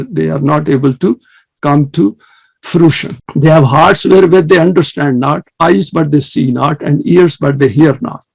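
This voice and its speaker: Man, gravelly voice, slightly high pitch, earnest religious lecture, measured delivery. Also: darkish tone. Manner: earnest, measured lecturing with fast Arabic recitation. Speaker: Islamic study presenter.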